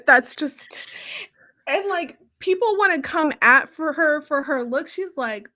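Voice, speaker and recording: A woman's voice: sits high, animated, pushed and bright. A woman hosting a podcast, chatting casually and emphatically as she recaps a reality show. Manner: emphatic, quick to agree. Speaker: podcast host.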